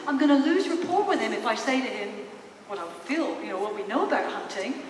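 A woman psychologist giving a lively, engaging talk in a large expo hall, asking the audience questions, heard from a distant mic with a roomy echo. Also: high voice, quick pace. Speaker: psychologist and speaker. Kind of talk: public presentation. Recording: echoey hall, distant mic, faint noise.

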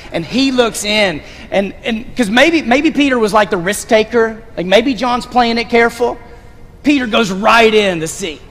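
Pastor, male, high voice, lively stage preacher with a joking touch; long hall reverb. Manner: animated, directing volunteers on stage with playful asides. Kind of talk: sermon. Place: church stage. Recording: long reverb of a large sanctuary.

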